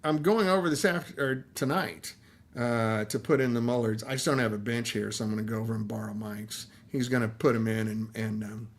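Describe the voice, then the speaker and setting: A man's voice: mid-range voice, brisk. A tired middle-aged man hosting a live stream, chatting casually in a rambling, easygoing way that trails off and restarts. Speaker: livestream host.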